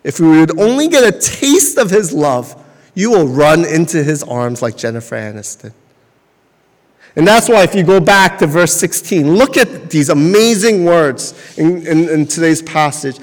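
A man in his forties delivers a sermon with a high voice. He talks loosely and conversationally and tells stories. The long reverb of a church hall trails after each phrase. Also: animated, moderate pace. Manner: conversational storytelling with laughs. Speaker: pastor.

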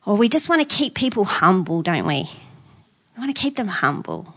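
A woman's voice: a little high, very animated, brisk, bright, forceful tone. An Australian woman giving a sermon as a guest speaker, chatty and often asking the congregation questions. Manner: conversational, asks the audience questions.

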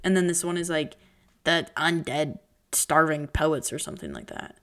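A young woman hosting her own podcast in casual chat, chatty and dramatic, jumping between pitches and whispers. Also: normal speed, a bit bright. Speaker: podcast host.

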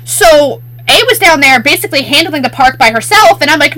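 A woman with a high, bright voice trades workplace gripes in casual chat. She swears freely and tells her stories with heat, her pitch swinging widely. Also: expressive, brisk, hardly any pauses. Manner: profane, heated storytelling.

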